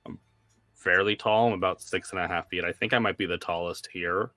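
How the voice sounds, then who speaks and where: A man's voice: low voice, steady tone, brisk, bright, forceful tone, no room sound. A man playing a tabletop game, laid-back and understated as he describes his character. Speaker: player.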